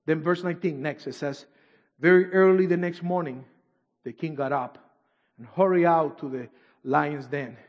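A man preaching a sermon and reading scripture aloud, swinging from shouts to near-whispers, with non-native English phrasing. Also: a little high, moderate pace. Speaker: pastor. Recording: dull echoey hall recording.

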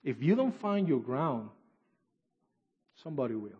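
Male pastor with non-native English phrasing, sermon delivery swinging from shouts to hushes; dull, reverberant hall recording. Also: medium pitch, sing-song, measured pace, breathy edge. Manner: dramatic swings from shouts to near-whispers, reading scripture aloud.

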